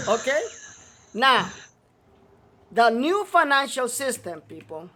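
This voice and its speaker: A man's voice: extremely high pitch, sing-song, slow pace, bright, forceful tone. A male talk show host delivering a profane, scolding rant, repeating himself to hammer his point home. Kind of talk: ranting talk show monologue.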